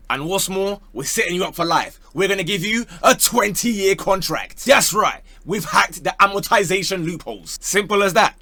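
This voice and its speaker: A young man talks football in a loose, comic way, full of slang and quick bits. His voice sits a little high and sounds bright and forceful. The sound is close and dry. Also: no room sound. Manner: playful and slangy, slipping into joke voices. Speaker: football YouTuber. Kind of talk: comedic football talk.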